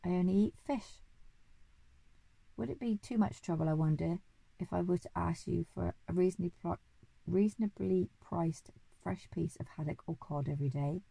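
A woman's voice: on the low side, moderate pace, creaky, mellow, no room sound, poor audio. A woman voicing a nervous, fussy male pelican who asks politely and hesitantly.

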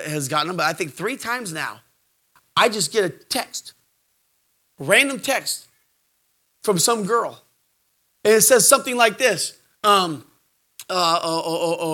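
A middle-aged man preaching a sermon, animated, swinging from shouts to hushed asides and jokes. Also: high voice, unhurried, pauses often.

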